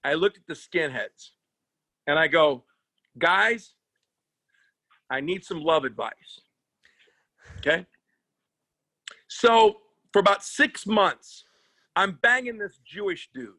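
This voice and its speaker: Comedian guest, male; high, bright, very dry voice; rambling, profane, acts out the characters in his stories. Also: takes it slowly, pauses often, no echo. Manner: animated, profane storyteller acting out other people's voices. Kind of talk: casual storytelling chat. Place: podcast studio.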